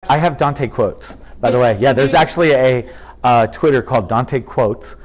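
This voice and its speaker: Animated middle-aged comedian telling stories. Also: male voice, mid-range voice, moderate pace. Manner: animated storyteller, drops into impressions. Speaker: comedian guest. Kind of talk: casual interview chat.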